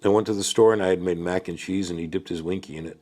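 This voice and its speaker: A man telling family stories in a casual chat, animated, acting out his kids' lines and often calling the listener "bro.". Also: deep voice, very fast. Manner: animated, swears, says "bro" a lot. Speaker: podcast guest. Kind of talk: casual storytelling.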